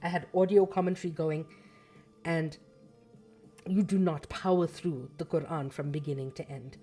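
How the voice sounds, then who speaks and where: A woman's voice: low voice, fairly even intonation, moderate pace, dark tone, soft background music. A woman hosting a casual livestream, reading a book and talking it through thoughtfully, with fillers and self-corrections and a slightly scratchy throat.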